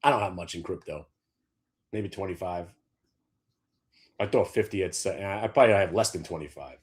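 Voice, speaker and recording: A man's voice: low voice, moderate pace. A man hosting a stock market show, ranting in a brash, profane, sarcastic way. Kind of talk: opinionated trading talk.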